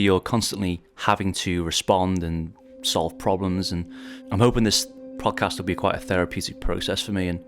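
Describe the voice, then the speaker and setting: A man in his forties from Liverpool tells his story as a podcast host, in a very low, deep voice. He speaks in a measured, reflective way, with a polished radio delivery he calls posh. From Liverpool, England. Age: 40s. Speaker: documentary director and podcast host. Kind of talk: scripted podcast narration.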